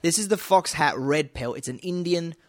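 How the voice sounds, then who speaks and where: A man's voice: on the high side, moderate pace. A man, co-hosting a casual podcast, easygoing and given to casual swearing and chatty asides. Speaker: podcast co-host.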